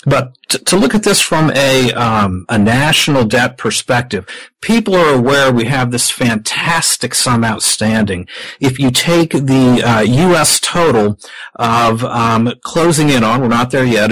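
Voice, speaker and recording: Man, podcast guest, husky voice, dry close sound, measured explaining, rhetorical questions. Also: medium pitch, expressive, a bit bright, no room sound, rough recording. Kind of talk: explanatory interview talk.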